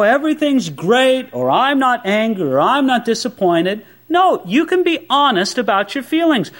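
A man preaching a sermon as a pastor, conversational and animated, with many rhetorical questions. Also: on the high side.

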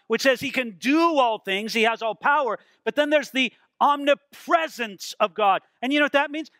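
A male pastor preaching a sermon, animated, with dramatic slowdowns and acted-out quotes. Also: very high voice, dry recording.

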